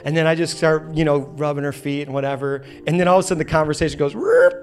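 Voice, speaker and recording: Lively male pastor, faint music. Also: on the high side, very fast. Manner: energetic storytelling with playful acted quotes. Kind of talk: sermon. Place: church auditorium.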